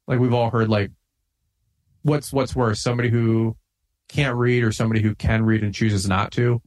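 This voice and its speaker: A man's voice: medium pitch, little pitch movement, moderate pace, darkish tone. A middle-aged man, a guest on a podcast, talking in an intense, fired-up way, with lots of "like" and "man". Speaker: podcast guest, lawn care business owner. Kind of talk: casual podcast conversation.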